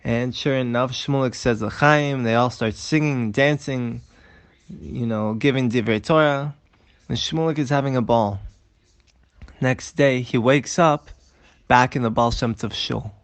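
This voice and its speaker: A man in the middle of a story, telling it in a lively, dramatic way at an ordinary pitch. The sound is dry and close, with almost no room echo. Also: unhurried. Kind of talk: animated storytelling.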